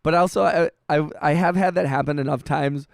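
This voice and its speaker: Smooth-voiced man chatting on a livestream. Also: fairly high pitch, fairly even intonation, dry recording, clean studio sound. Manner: halting and heartfelt, with frequent restarts, swearing and "bro" and "dude". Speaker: livestreaming music producer. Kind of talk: casual livestream chat, reading chat messages.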